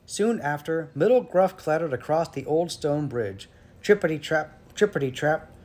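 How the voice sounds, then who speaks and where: A man reading a fairy tale aloud to children, with lively, expressive delivery. His voice sits a little high. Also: unhurried. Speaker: storyteller.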